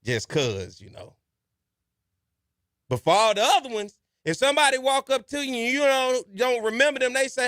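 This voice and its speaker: Lively high-voiced man. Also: normal speed, no room sound, studio quality. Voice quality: colloquial, folksy and exhortative, repeats advice for emphasis. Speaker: podcast host. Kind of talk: casual advice monologue and storytelling.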